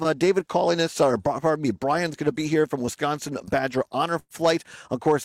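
A man's voice: mid-range voice, a little mellow, dry recording. A man hosting a live radio show outdoors, chatty and rambling with lots of fillers. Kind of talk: casual live radio chat. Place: outdoors by a lake.

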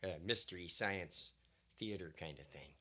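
A man's voice: sits low, normal speed, pushed and bright. A man hosting a radio show, chatting casually and joking at his own expense, with a voice he puts down to years of smoking. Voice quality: smoker's voice. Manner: self-deprecating, joking. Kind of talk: casual on-air chat.

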